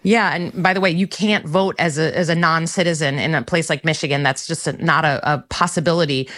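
A middle-aged woman senator answering interview questions in a measured, firm way. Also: low-pitched, fairly even intonation, a bit bright. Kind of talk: political interview.

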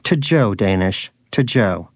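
A man's voice: on the low side, animated, slow, dry recording, clean studio sound. A man voicing a pious, indignant male pet rodent who lectures in a preachy way.

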